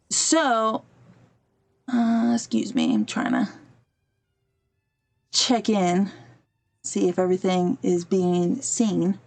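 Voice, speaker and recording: A woman with a mid-range, darkish voice speaks slowly, her pitch swinging widely and her pauses running long. Hosting a podcast, she tells a story casually while playing a game on a livestream, chatting and drifting off-topic to fix her stream. She briefly acts out the people she quotes.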